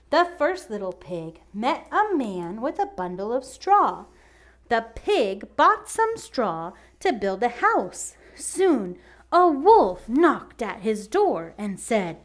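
A woman leading a children's church lesson, reading a storybook in a slow, patient teacher's manner. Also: a little high. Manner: slow, patient, sing-song teacher delivery.

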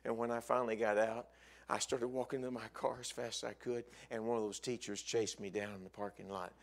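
A male evangelist preaching a sermon in a church, telling a story with lively, animated delivery that climbs high for emphasis. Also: brisk, vocal fry. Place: church sanctuary.

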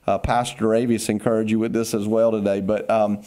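A man's voice: lowish voice, little pitch movement, brisk, dark tone. A man, a pastor giving a casual, upbeat devotional talk on a podcast, teasing his co-host, then turning earnest.

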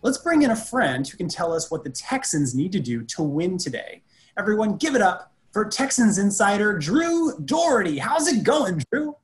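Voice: medium pitch, big pitch swings, normal speed. A show host reading a scripted quiz segment in an upbeat, game-show way. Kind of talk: scripted hosting.

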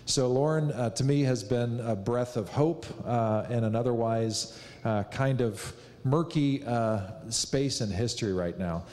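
A male pastor introducing a guest speaker in a relaxed, hesitant way. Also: mid-range voice, measured pace. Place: church sanctuary. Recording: reverberant church hall.

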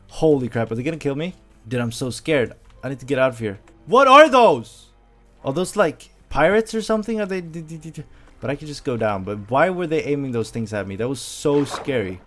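Excitable man, lively pitch. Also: a little fast, faint music behind. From Sweden. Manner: excitable, jumpy, yelps when startled. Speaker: gameplay commentator. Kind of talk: let's play commentary.

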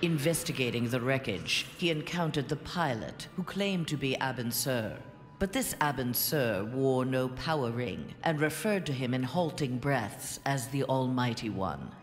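An actor narrating a superhero game's ending in a scripted, dramatic style. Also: male voice, mid-range voice, expressive, unhurried, natural voice. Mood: solemn. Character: grave male narrator of a superhero game ending. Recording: game audio with reverb and music.

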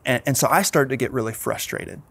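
A man's voice: medium pitch, a little fast, creaky, fairly bright tone, slightly rough, dry recording. A man in his thirties, a pastor giving a sermon in an earnest way, often repeating words as he restarts.

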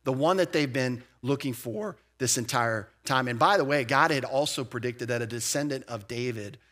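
A man preaching a verse-by-verse sermon as a pastor, conversational with animated emphasis, asides and quick restarts. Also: mid-range voice. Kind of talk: expository sermon. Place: church.

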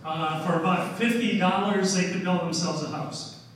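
A man's voice: sits high, normal speed, a bit bright, slight background noise. An older man giving a casual slide lecture on history, telling stories with many "uh"s and "okay"s. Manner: folksy storytelling with many "uh"s and "okay"s. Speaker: history presenter. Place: large echoey hall. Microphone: distant room mic. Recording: echoey hall recording from far off.

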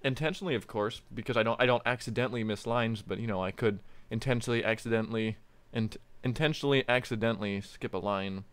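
A man at a home mic, clowning around between voice-acting takes with self-mocking rambles and sudden loud line reads. His tone is smooth and clear, recorded close and dry with no room sound. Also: medium pitch, quick pace, few pauses, no room sound. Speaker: voice actor recording lines.

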